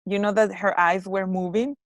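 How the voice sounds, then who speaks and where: A woman from Mexico teaching English, giving a class feedback on their pronunciation and repeating words slowly to model them. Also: mid-range voice, steady tone, dry recording.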